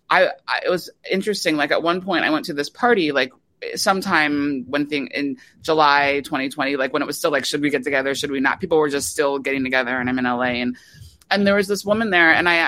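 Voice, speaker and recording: Animated woman telling a story. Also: low voice. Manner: animated storyteller, many fillers and restarts. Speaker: documentary director, guest. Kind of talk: conversational interview.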